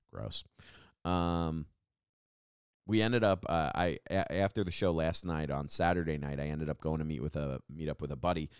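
A man's voice: low-pitched, clear, resonant tone, dry recording, studio quality. A young man, a comedian hosting his own podcast, casually telling stories with swearing and acted-out quotes. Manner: animated, swearing, acts out quoted people. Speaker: podcast host and stand-up comedian. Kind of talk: casual storytelling monologue.

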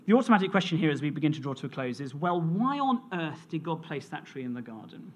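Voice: medium pitch, very animated, quick pace, dull audio. A preacher delivering a sermon in an earnest, storytelling manner, reading scripture and sharing a family anecdote.

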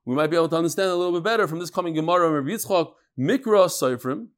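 A man's voice: on the high side, rapid-fire. A man teaching a casual study-group class, chanting lines and then explaining them with restarts and joking asides. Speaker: Talmud teacher.

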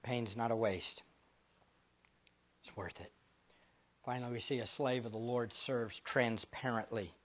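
A male pastor preaching a sermon, dropping to hushed near-whispers and then climbing to loud, emphatic rhetorical questions he repeats for effect. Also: medium pitch, fairly even intonation, unhurried, pauses often.

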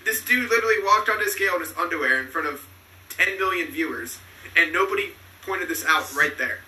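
A man co-hosting a podcast, chiming in with quick, incredulous questions in casual chat. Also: fairly high pitch, expressive, pushed and bright. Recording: echoey room, distant from mic.

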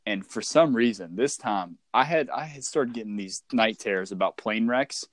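A man's voice: on the low side, expressive, moderate pace, dry recording. A young man co-hosting a casual chat, swearing freely, repeating himself and laughing often.

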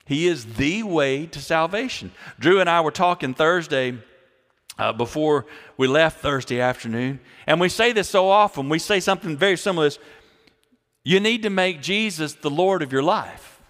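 A male pastor preaching a sermon, repeating key phrases and swinging between loud, emphatic lines and quiet ones. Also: fairly high pitch, animated, normal speed. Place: church sanctuary. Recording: long hall reverb.

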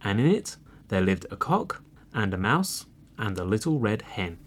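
A man reading a folk tale aloud as a storybook narrator, expressive and unhurried. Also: fairly low pitch.

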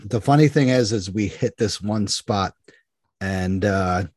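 A man with a fairly low voice tells a story in casual conversation. He jumps into the voices of the people in it as he goes. The sound is dry and close, with no room echo. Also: unhurried. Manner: animated, acts out dialogue in anecdotes.

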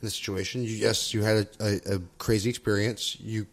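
Low-voiced man talking things through. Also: level tone, fairly quick, gravelly. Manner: reflective, circling, many restarts and "right?" tags. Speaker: podcast co-host. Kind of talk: casual conversation about relationships and therapy skills.

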